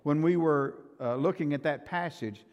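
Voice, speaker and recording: An older male pastor preaching a sermon, emphatic and swinging from loud to soft, in a church sanctuary. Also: a little high, moderate pace, dull audio. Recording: reverberant church hall.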